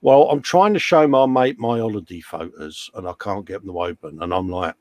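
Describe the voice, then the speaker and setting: Hombre inglés de voz rasposa y bromista. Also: male voice, lowish voice, animated, normal speed, hardly any pauses, no echo. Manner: jokey, banter-filled, reads chat messages aloud. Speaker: co-host of a live model-building stream. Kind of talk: casual live-stream chat reading comments.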